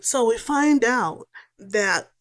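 A woman's voice: a little high, animated, takes it slowly. Young woman host, casual film recap, profane and sarcastic delivery.

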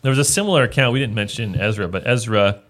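A man's voice: mid-range voice, quick pace, a bit bright. A man, a pastor, talking through a book of the Bible in a casual discussion, earnest and often restarting his phrases as he reads verses aloud.

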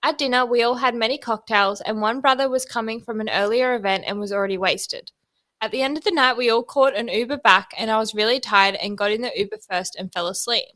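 A woman, co-hosting a podcast in a lively way and laughing as she talks. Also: on the high side, quick pace. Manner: lively, laughs while talking. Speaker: podcast co-host. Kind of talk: casual chat.

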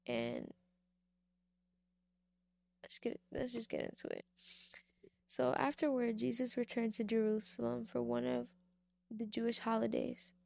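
A woman's voice: fairly high pitch, big pitch swings, measured pace, gravelly, long pauses, darkish tone, no room sound. A young woman giving a devotional talk, reading a Bible story and then reflecting on it in an informal way, repeating key points for emphasis. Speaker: faith speaker.

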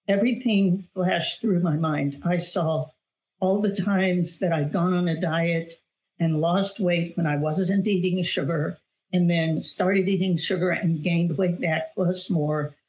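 A middle-aged woman's darkish, lowish voice carries her personal testimony on an interview show, where she's a guest. An author and weight loss coach, she speaks earnestly and emphatically, often repeating phrases for weight.

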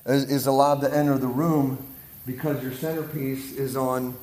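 In an echoey room where listeners call back, a guest preacher from the Pittsburgh area of Pennsylvania addresses a leadership group. His Pittsburgh-accented, mid-range male voice moves at normal speed. Full of energy, he repeats words and keeps asking "right?" and "amen?"

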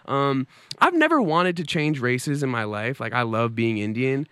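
Young male host, lively comic monologue, dry close sound. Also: medium pitch, normal speed, clean tone, dry recording. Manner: animated, joking, swings into put-on voices. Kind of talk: comedic monologue. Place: New York City.

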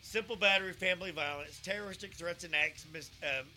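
A man hosting a podcast, retelling a story in a profane, animated way and quoting himself often. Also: high voice, fast, faint music behind. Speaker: podcast host. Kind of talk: casual storytelling chat.

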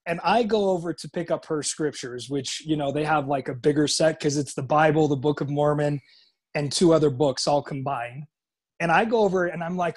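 A man with a slightly raised pitch tells a family story in casual podcast chat. He jumps into other people's voices as he quotes them, restarts his sentences and swears freely. He grew up in Utah. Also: normal speed. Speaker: podcast guest.

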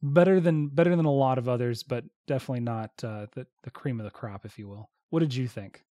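A man co-hosting a casual podcast, talking in a halting way with dry humor and many restarts. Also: mid-range voice, dark tone, no room sound, dull audio. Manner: hesitant, repeats words, dry humor. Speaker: podcast co-host.

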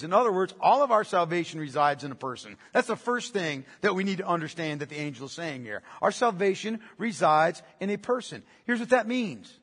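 A man's voice: sits high, a bit bright, big-room sound. A man preaching a sermon as pastor, emphatic, repeating key phrases and asking rhetorical questions.

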